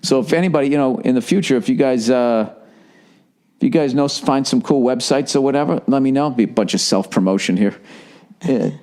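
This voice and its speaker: A man's voice: mid-range voice, a little fast. Podcast host, man, fifties, Boston accent, swears a lot, tells stories with energy. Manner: profane, animated storytelling. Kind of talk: casual podcast chat.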